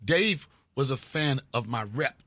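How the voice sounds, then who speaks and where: A man in his fifties from Washington, D.C., telling stories as a comedy guest in an animated, profane way. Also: medium pitch, a little slow, no echo. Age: 50s. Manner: animated, profane, acts out scenes. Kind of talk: casual storytelling interview.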